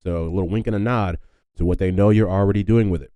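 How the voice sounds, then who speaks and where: A man's voice: sits low, fairly even intonation, quick pace, dark tone, dry recording, rough recording. A man hosting a casual solo podcast, rambling with lots of fillers and wry joking asides. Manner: rambling and filler-heavy, often adds "if you will". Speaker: podcast host.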